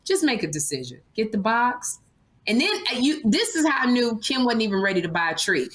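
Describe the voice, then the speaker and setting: A woman's voice: fairly high pitch, very animated, a little fast. A middle-aged woman co-hosting a comedy podcast, teasing her friend and telling stories in quoted voices. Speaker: podcast co-host. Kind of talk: casual comedic banter.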